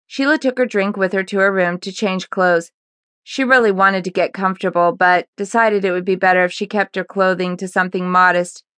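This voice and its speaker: Smooth-voiced woman narrating an audiobook. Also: mid-range voice, a bit bright, no echo.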